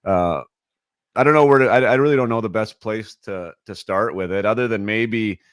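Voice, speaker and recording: Low-voiced man hosting a hockey podcast. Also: normal speed, no room sound, clean studio sound. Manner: rambling, informal, with many restarts. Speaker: podcast host. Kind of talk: casual podcast interview.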